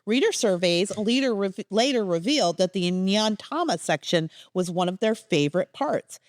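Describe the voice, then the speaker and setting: A woman co-hosting a comedy podcast, bantering playfully and reading odd news stories with a deadpan delivery, laughing often. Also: medium pitch, moderate pace, no room sound, clean studio sound. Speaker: guest co-host.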